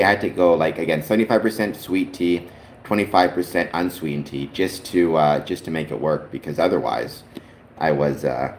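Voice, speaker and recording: A Canadian man hosts a livestream in a relaxed, rambling chat, his fairly low voice swinging up and down with lively intonation. He sounds like he is in an echoey room, with a faint hiss of noise behind him. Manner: rambling, chatty, talks to his father on the stream. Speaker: livestream host. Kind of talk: casual chat. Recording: roomy echo, faint background noise.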